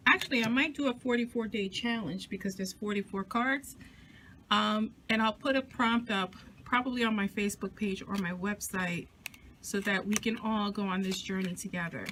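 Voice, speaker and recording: Woman host, card-deck reviewer, eager and talkative, mid-pitched, close camera, faint background noise. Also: moderate pace, a bit bright. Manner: chatty and enthusiastic, with frequent restarts. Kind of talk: casual deck walkthrough and review. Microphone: zoomed-in camera close-up.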